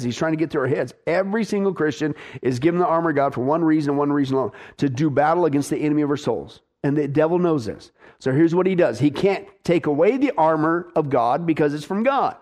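A man preaching a sermon, emphatic and exhorting, urging his listeners on and dropping low for weight. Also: lively intonation, fairly quick, a little mellow.

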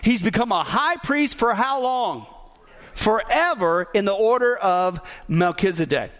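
A man's voice: high voice, animated, a little slow, a bit bright. A man preaching a sermon as pastor, emphatic, asking the congregation rhetorical questions.

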